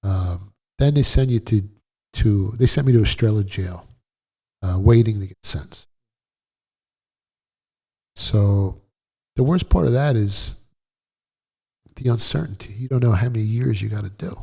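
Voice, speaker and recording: A middle-aged man telling a personal story in a blunt, profane, animated way, as a guest in a casual interview. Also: on the low side, a little slow, creaky, pauses often, slightly rough.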